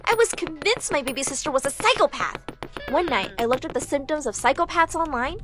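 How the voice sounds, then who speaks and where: A young woman narrating a first-person storytime in a dramatic, expressive way. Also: high voice, brisk, over music.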